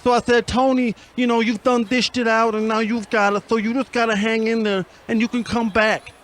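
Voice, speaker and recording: A man playing a brash boxer in an improv radio sketch, rambling and halting as he talks. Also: extremely high pitch, little pitch movement, fairly bright tone. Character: boxer impression, brash adult man, high lisping voice.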